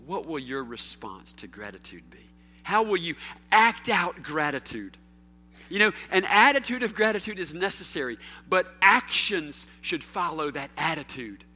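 A man preaching a sermon as pastor, rising to loud calls and dropping to a hush, putting question after question to his listeners. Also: fairly high pitch, big pitch swings, moderate pace. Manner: preaching with sweeping swings from loud to hushed; calls out rhetorical questions to the congregation.

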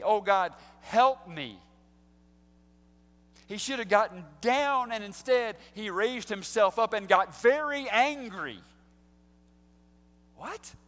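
A man preaching an expository sermon, swinging between hushed, slow passages and loud, emphatic lines. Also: high-pitched. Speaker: pastor. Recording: long hall reverb.

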